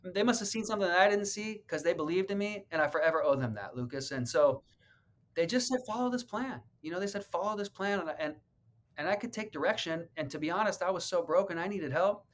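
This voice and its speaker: A man's voice: sits high, fast talker. A man, a real estate agent, telling his personal story in an interview in an earnest, heartfelt way, repeating words when he gets emotional.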